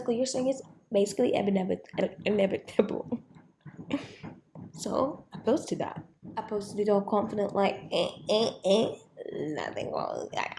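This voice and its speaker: A young woman vlogs about her day in a rambling, frustrated way, her voice slipping down to a whisper at times. Her tone is mellow and rather dark, at an ordinary pitch for a woman. A faint hiss sits under the recording. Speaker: vlogger. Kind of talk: emotional personal storytelling.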